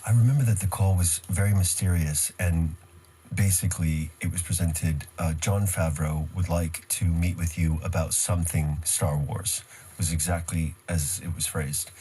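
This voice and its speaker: A man's voice: low voice, warm tone, husky. A middle-aged man, raised in the United States, telling stories from his life as an actor in a casual interview, wry and self-deprecating. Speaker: actor, guest.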